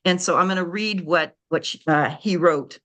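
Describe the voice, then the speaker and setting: A woman's voice: fairly low pitch, moderate pace, fairly bright tone. A middle-aged woman telling an emotional story as a guest author, heartfelt and repeating words for emphasis.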